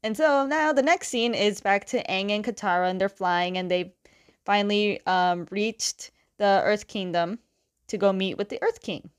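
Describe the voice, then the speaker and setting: Her voice is medium-pitched and smooth, moving at a moderate pace. The young adult comic reviewer runs through a storyline in an easygoing, chatty manner full of fillers.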